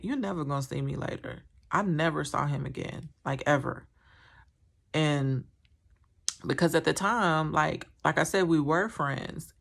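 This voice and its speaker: A woman's voice: deep voice, gravelly, fairly bright tone. A woman telling a painful personal story to camera, candid and rambling, with many fillers and a strained, emotional tone. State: emotional, recounting trauma.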